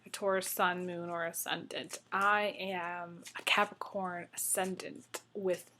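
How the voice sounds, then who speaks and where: A woman's voice: fairly low pitch, little pitch movement, a little slow, sharp tone, a little hiss or hum, low-quality recording. A woman giving a casual spoken tarot reading, rambling with many fillers and restarts and getting emotional. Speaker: tarot reader.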